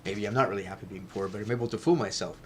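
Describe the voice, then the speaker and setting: A man's voice: on the low side, racing, background noise. Rambling man talking straight to camera. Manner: rambling, repeats himself, swears, grows loud when retelling a fight. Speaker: vlogger. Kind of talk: casual rambling monologue.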